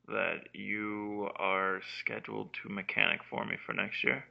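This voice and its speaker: A man hosting a casual podcast, teasing a caller loudly and joking around. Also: on the low side, steady tone, measured pace, vocal fry, few pauses, dull audio. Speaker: podcast host. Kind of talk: casual podcast chat with prank phone calls.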